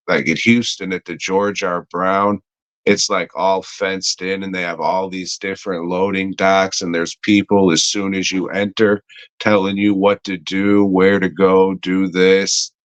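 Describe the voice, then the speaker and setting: Low-voiced man ranting, profane and rambling. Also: no room sound, dull audio. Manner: rambling and heavily profane, frequent fillers. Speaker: podcast co-host. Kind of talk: casual storytelling chat.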